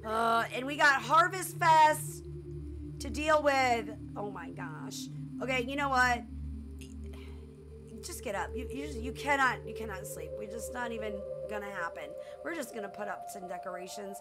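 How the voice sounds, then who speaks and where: A woman casually commenting on her own gameplay, excitable and full of exclamations, often laughing. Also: fairly high pitch, moderate pace, music in the background. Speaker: gameplay streamer. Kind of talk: casual let's-play commentary.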